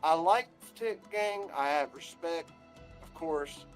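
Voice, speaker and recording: Man, rambling profane chat, slow delivery, slightly high voice, faint music behind. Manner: profane, animated storytelling. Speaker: guest on a talk stream.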